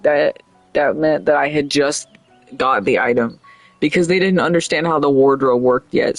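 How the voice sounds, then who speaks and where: A man's voice: a little high, vocal fry, dry recording. A young man streaming a video game, chatting in a rambling, jokey way and laughing often. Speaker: livestreamer. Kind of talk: casual gameplay commentary. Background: faint game music.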